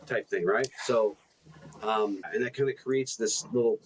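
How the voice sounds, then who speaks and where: A man's voice: fairly low pitch, unhurried, husky, rough recording. A man co-hosting a coaching podcast, talking earnestly in a casual conversation and often repeating words as he builds a point.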